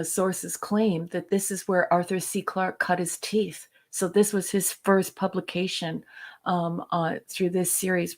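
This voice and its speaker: A woman co-hosting a casual talk show, chatty and enthusiastic, with many fillers. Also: fairly low pitch. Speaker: co-host. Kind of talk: casual chat.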